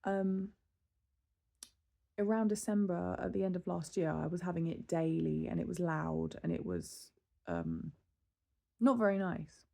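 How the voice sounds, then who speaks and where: A woman's voice: on the low side, unhurried, vocal fry, pauses often. A woman in her thirties, from the UK, venting in a casual, exasperated monologue. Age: 30s. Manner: exasperated, animated storytelling with laughs and sighs. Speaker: vlogger.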